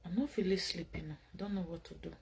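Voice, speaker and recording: A tired woman with a Nigerian accent, chatting casually late at night to her viewers while drinking wine. She rambles, swinging between loud remarks and drowsy murmurs. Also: on the low side, fast, gravelly, husky. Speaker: vlogger.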